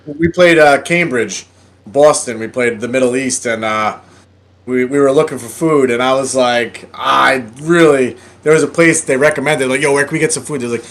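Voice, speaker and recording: A man with a middle-of-the-road pitch, talking in a relaxed, halting way. He fills his sentences with "uh" and "dude" as he speaks. He sounds like a touring band musician trading road stories in casual chat. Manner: laid-back, hesitant, lots of "dude" and "uh".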